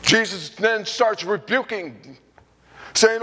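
A man preaching a sermon in a church, fervent and rambling, rising into shouted praise. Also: very high-pitched, normal speed, in a large hall. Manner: rambling with restarts and repeats. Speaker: pastor.

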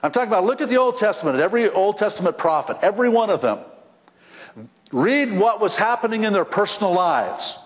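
Male pastor, mid-high voice, folksy sermon delivery with restarts, long church reverb. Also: sing-song, a little fast. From western United States. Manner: folksy storytelling with frequent restarts and repeated words. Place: church sanctuary.

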